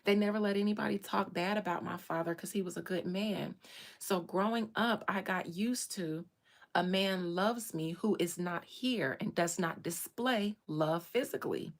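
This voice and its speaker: A woman's voice: on the low side, normal speed. A woman, telling her own life story with strong feeling and repeating phrases for emphasis. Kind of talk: emotional personal storytelling.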